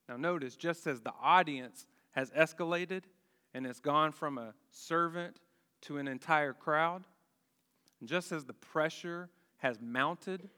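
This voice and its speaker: A man preaching a sermon, deliberate and emphatic, with dramatic pauses and rhetorical questions. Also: fairly high pitch, pushed and bright. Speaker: pastor. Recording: long hall reverb.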